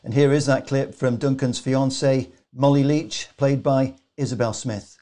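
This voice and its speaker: A man's voice: medium pitch, steady tone, measured pace, warm tone. A man hosting a live online show, speaking hesitantly with many fillers. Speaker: host.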